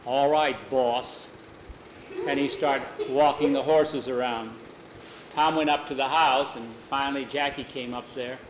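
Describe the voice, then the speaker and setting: A man telling a homespun story aloud in a relaxed, plain-spoken way. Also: mid-range voice, moderate pace. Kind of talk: folksy oral storytelling. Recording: echoey room, faint traffic.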